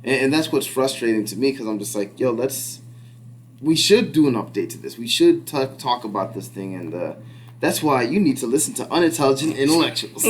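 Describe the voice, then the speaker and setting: A man's voice: medium pitch, big pitch swings, normal speed, fairly bright tone. A man co-hosting a podcast in casual chat, rambling with many restarts and fillers and acting out quotes. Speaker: podcast co-host.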